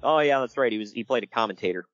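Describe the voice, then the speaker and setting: Lively, animated male podcast host. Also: medium pitch, no room sound, muffled recording. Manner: animated storytelling with laughs and quick impressions. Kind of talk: casual wrestling podcast chat.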